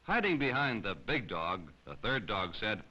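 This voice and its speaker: Animated male storybook narrator. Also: on the low side, measured pace, slightly rough. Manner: expressive, animated. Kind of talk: children's storybook reading. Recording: slightly dull lo-fi recording.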